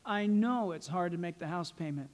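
A man preaching a sermon as pastor, animated and joking, laughing at his own quips. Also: high voice, moderate pace.

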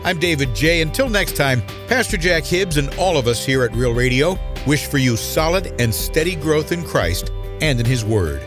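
A man reading a scripted radio announcement in a smooth, promotional delivery. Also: on the high side, expressive, normal speed, over music.

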